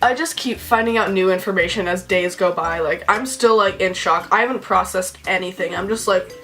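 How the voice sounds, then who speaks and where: A woman's voice: mid-range voice, fairly quick, sharp tone. A young woman telling a personal story in a casual, emotional way, packing her sentences with "like.". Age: young adult. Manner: says "like" constantly, chatty and emotional. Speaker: vlogger.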